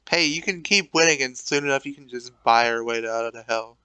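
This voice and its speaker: Bright, smooth-voiced joking player. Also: male voice, mid-range voice, brisk, no room sound, poor audio. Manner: joking, filler-heavy. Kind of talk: casual tabletop play.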